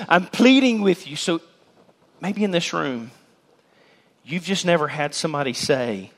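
High-voiced emphatic man preaching. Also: expressive, unhurried, long pauses, big-room sound. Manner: emphatic preacher, shouting key words and mimicking people's voices. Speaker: pastor. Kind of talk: sermon. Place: church sanctuary.

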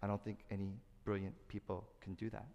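A middle-aged man preaching a sermon as pastor, who acts out quotes in loud high bursts and sinks to a soft low voice for serious points. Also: monotone, brisk, lo-fi sound. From Korea. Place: church sanctuary. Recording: long hall reverb.

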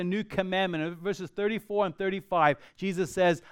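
A man preaching a sermon earnestly, swinging from loud emphasis to quiet, slow passages. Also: sits high, steady tone, clean tone, dry recording, clean studio sound. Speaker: pastor.

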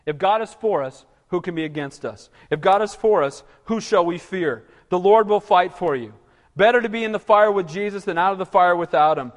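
A man's voice: high voice, brisk. A man preaching a sermon in a conversational style, asking the room rhetorical questions and calling for amens. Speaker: pastor. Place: church hall. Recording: long reverb in a large room.

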